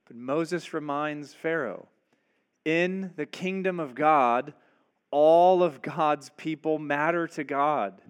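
Male pastor, sermon, conversational; high-pitched, measured pace. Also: clear, resonant tone. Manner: conversational, asks rhetorical questions.

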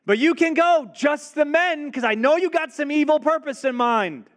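Preacher as Pharaoh: scornful king, sarcastic, pitched high. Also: expressive, moderate pace, fairly bright tone. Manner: mocking, sarcastic.

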